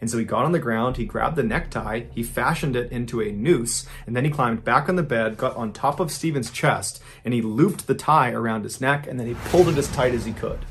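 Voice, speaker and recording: A man tells a true crime story in a relaxed, conversational way, as if talking to a friend. His voice sits at an ordinary middle pitch, and he links events with plain spoken fillers. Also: brisk, few pauses, a little hiss or hum.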